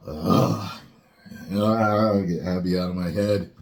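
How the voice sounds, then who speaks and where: Man with a very low voice, rambling reaction host. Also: a little slow, gravelly. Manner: rambling, with many fillers and sudden loud rants. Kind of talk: casual reaction commentary.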